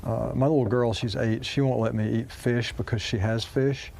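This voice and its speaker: A man from the American South, a guest actor chatting casually, rambling and wry with many pauses and fillers. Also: medium pitch, steady tone, gravelly, a little mellow, a little hiss or hum. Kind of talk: casual chat.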